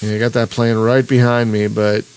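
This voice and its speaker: A man's voice: fairly low pitch, little pitch movement, moderate pace, darkish tone, slight background noise. A man hosting a gaming stream, talking casually and rambling over his gameplay with restarts and chuckles. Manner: rambling, self-interrupting, chuckling. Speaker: gaming channel host. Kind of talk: live-streamed gameplay commentary.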